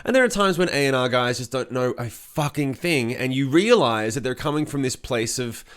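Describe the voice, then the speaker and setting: A man co-hosting a podcast, a rock singer telling a studio story in a casual, profane, animated way. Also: medium pitch, normal speed, clear, resonant tone.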